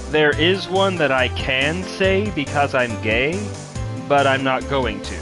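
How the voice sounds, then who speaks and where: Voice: medium pitch, slow pace. A streamer giving blunt, candid live game commentary, swearing freely. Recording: stream audio with game music behind.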